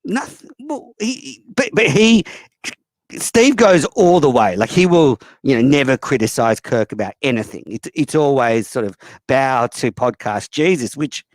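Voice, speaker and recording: A man's voice: medium pitch, lively intonation, unhurried, no echo. Blunt, profane male call-in host. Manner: blunt, profane, rambling with fillers. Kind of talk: casual call-in chat.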